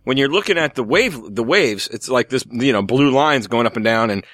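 Man, podcast editor, bright tone, dry close mic, teasing, relaxed. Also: medium pitch, a little fast, no echo. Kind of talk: casual podcast chat.

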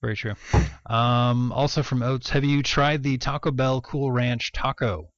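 A man's voice: medium pitch, fairly even intonation, a little slow, no echo, lo-fi sound. A man co-hosting a podcast in casual, joking chat, reading listener questions aloud. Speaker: podcast co-host.

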